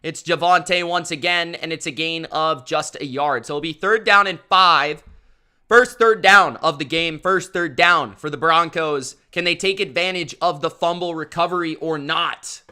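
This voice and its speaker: Bright, high-voiced male sports streamer. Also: measured pace, smooth. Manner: hyped, announcer-style delivery. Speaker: live-stream sports commentator. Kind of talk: live play-by-play commentary and chat shout-outs.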